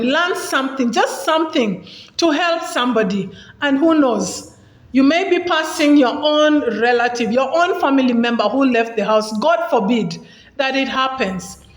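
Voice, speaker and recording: High-voiced woman teaching, echoey room. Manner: earnest, repetitive, acts out calls for help. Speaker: health instructor. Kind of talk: spoken lesson.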